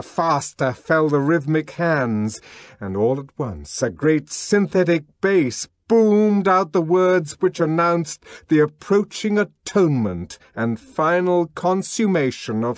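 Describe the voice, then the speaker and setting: A man reads a novel aloud as an audiobook narrator. His delivery is unhurried and dramatic, with wide swings of pitch. The recording is dry and close. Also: dry recording. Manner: dramatic, lively reading. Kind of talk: scripted narration.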